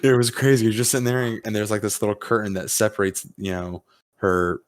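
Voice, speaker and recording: A man's voice: fairly low pitch, little pitch movement, a little fast, a loud crowd. A man hosting a podcast, telling a casual story with acted-out quotes and plenty of swearing. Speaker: podcast host. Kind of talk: casual chat.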